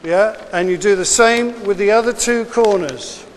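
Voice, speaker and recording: A man, a teacher, giving a class of children step-by-step instructions in a brisk, encouraging way that repeats each step. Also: sits high, in a large hall, slight background noise.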